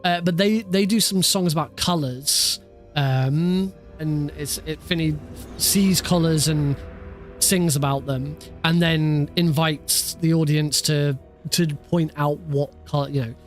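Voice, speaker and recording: A man's voice: a little high, fairly even intonation, takes it slowly, soft background music. A man chatting casually on a live stream. He rambles, with many fillers and restarts.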